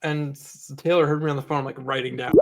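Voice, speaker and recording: In a mid-range voice at a fairly quick clip, a man co-hosts a podcast, chatting loosely. His stories are animated, with the customer exchanges acted out.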